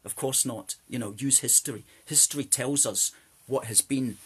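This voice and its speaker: A man's voice: mid-range voice, moderate pace, slightly rough. A Scottish man hosting a live-streamed political talk, emphatic and repeating phrases for stress. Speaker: host.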